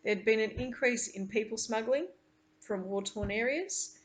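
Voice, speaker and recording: A woman, a teacher, reading a novel aloud to her class and stopping to explain it in earnest, halting asides. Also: a little high.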